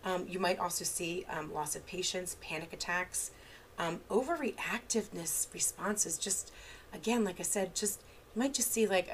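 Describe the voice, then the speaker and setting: A woman's voice: fairly low pitch, normal speed, a little hiss or hum. A woman therapist giving an unscripted online training in a casual way, full of fillers and restarts, with examples from her own parenting. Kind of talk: unscripted lecture.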